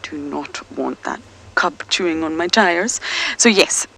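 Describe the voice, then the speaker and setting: A woman's voice: sits low, measured pace, creaky, fairly bright tone, a little hiss or hum, low-quality recording. A woman safari guide talking to viewers live from a game vehicle outdoors, often whispering so she won't startle the animals. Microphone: earpiece and mic.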